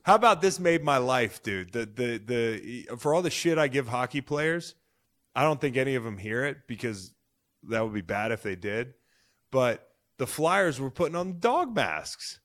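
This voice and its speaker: A man in his thirties hosting a casual sports podcast, excitable and loud, swearing freely as he talks. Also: mid-range voice, a little slow. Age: 30s. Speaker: podcast host.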